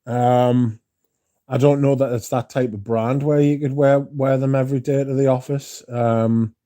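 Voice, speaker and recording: With a warm, medium-pitched voice that stays steady at a measured pace, a livestream host rambles through stories. He answers viewer comments by reading them out, occasionally swearing.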